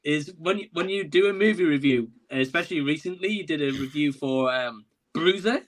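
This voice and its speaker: A man's voice: a little high, brisk, poor audio. A man chatting casually on a livestream, teasing and laughing.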